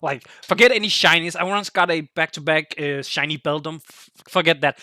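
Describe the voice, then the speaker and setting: Excitable high-voiced gaming commentator man. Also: moderate pace, no room sound, clean studio sound. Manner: excitable, shouting and laughing in disbelief. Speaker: gaming youtuber. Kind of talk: live battle commentary.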